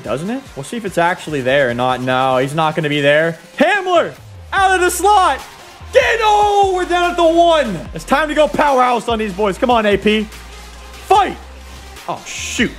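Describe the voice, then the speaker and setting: An excitable young man calls his football game like a hyped fan, his voice cracking as he yells at the big plays. His voice sits high and swings all over the place. Faint game music plays underneath. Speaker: gaming YouTuber. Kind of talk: excited let's-play commentary.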